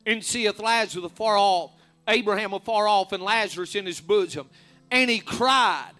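A man preaching a fervent sermon, rising to loud emphatic peaks. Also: high-pitched, moderate pace, soft background music.

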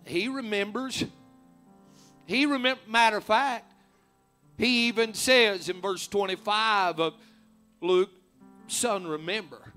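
A man preaching a fervent sermon, rising to loud emphatic peaks. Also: sits high, slow pace, pauses often, faint music behind.

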